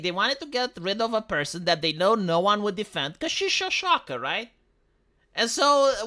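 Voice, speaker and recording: A man's voice: sits high, bright, forceful tone. A man talking on a livestream in a rambling, profane, mocking rant.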